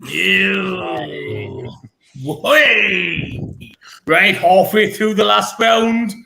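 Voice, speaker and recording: Running a pun contest, this British comedy show host has a high-sitting, gravelly voice with a sharp tone. He's playful, drawing out his words and laughing between jokes, with a little hiss or hum on the recording.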